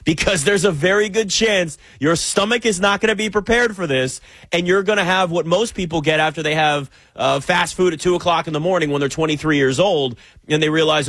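Sarcastic sports talker, dry sound. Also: male voice, a little high, a little fast, no echo. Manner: animated, sarcastic rants. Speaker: sports commentator. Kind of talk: opinion monologue.

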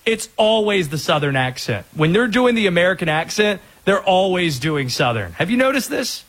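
Lively, husky-voiced male sports radio host. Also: high voice, rough recording. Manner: energetic, opinionated, quick asides.

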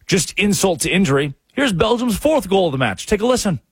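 Husky, sarcastic male sports radio host. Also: a little fast, few pauses, no room sound, studio quality. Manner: sarcastic and animated, with sudden jumps in pitch. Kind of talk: sports talk radio monologue. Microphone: studio microphone.

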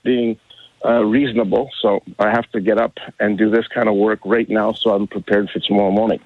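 A man in his sixties calling into a radio show, rambling and halting with many restarts. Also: on the low side, level tone, husky, no echo. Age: 60s. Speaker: caller. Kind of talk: casual call-in chat. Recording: tinny phone line.

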